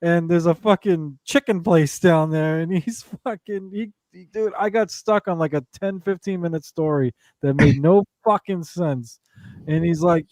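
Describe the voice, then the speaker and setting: A man's voice: fairly high pitch, measured pace, darkish tone, dry recording. Male podcast co-host, casual storyteller, swears a lot, laughs into his sentences, dry close sound. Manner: profane, rambling, laughs mid-sentence.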